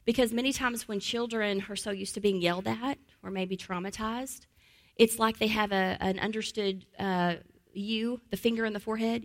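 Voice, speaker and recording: A woman giving a teaching talk as a trauma-informed trainer, repeating key phrases and dropping into a calm, soft voice to model soothing words. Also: fairly high pitch, normal speed.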